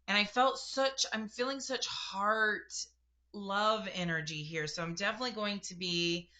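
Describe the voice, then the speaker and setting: A woman's voice: fairly low pitch, bright, forceful tone. A young woman giving a casual spiritual reading to camera, chatty and emotional, talking straight to her viewers. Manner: chatty and emotional, addresses viewers directly, laughs and gasps. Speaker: spiritual reader.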